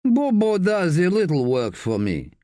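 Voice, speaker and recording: A man voicing a wiry, menacing bar owner with a clipped Eastern European accent and a deadpan manner, in an audiobook. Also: sits high, unhurried, dry recording, clean studio sound, voice pushed up, exaggerated voice. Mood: cool menace.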